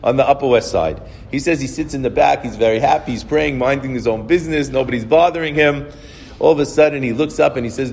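A man's voice: medium pitch, quick pace, creaky, a little mellow. A man telling anecdotes to an audience in a rambling, conversational way, with frequent restarts. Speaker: speaker telling stories to an audience. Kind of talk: anecdotal storytelling talk. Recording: echoey hall, faint noise.

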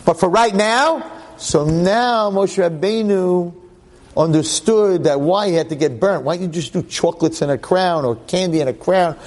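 A man teaching a class, telling a story in a lively, joking way and acting out the quotes. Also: high voice, normal speed, big-room sound. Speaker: religious teacher.

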